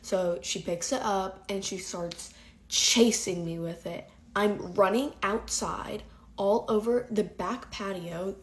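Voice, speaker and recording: A young woman telling school stories in a chatty, animated get-ready-with-me storytime, lisping slightly from whitening strips. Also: medium pitch. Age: young adult.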